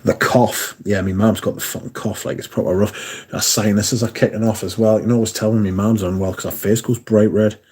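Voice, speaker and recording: A man's voice: on the low side, level tone, fairly quick, darkish tone, breathy edge. A man hosting a casual livestream, chatting with viewers and swearing freely, his voice worn down by a sore throat. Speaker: livestream host.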